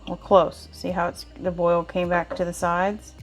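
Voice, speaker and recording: A woman's voice: fairly low pitch, flat delivery, unhurried, faint music behind. Chatty woman making jam. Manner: chatty, folksy, talks to viewers while stirring. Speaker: home cooking vlogger. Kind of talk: casual cooking demonstration. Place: home kitchen.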